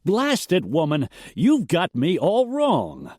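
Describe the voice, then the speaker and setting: A man voicing a pushy middle-aged rancher who gets loud and strained. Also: high-pitched, wildly swooping pitch, measured pace, no echo, clean studio sound, pitched above the performer's own voice, heavily acted. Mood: indignant.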